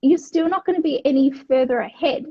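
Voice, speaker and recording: A high-pitched Australian woman in her thirties chats energetically on a coaching podcast. She is blunt and swears freely, slipping into voices for her own past thoughts. The recording has a slightly dull, lo-fi sound. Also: fairly quick. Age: 30s. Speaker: wellness coach and co-host. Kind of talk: casual podcast chat.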